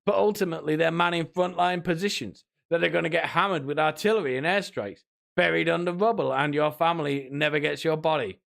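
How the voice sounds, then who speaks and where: A man's voice: a little high, a little fast, gravelly, fairly bright tone. A man ranting and mocking as a streamer, sweary and sarcastic, often putting on whiny voices.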